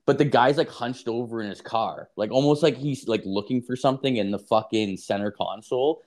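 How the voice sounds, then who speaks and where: A man's voice: mid-range voice, brisk, darkish tone. Profane rambling man. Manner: rambling profane storytelling, heavy filler. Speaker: podcast co-host. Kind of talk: casual chat.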